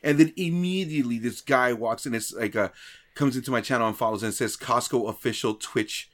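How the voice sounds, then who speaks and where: A male streamer recounts his week in a casual chat, voice sitting in an ordinary middle pitch. He talks loosely and animatedly, swears freely and plays out his own reactions as he goes. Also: a little fast. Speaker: streamer and podcast regular.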